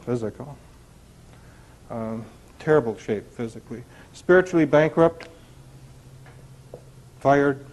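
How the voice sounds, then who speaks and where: A man's voice: a little high, normal speed, long pauses, warm tone, rough recording. A middle-aged man speaking to a group about recovery, talking conversationally and asking rhetorical questions. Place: retreat center meeting room.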